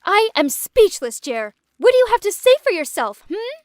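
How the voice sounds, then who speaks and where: A woman voicing an excitable young woman with a temper who speaks shrilly and emphatically. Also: high voice, unhurried, no room sound, clean studio sound, voice pushed up. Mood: furious.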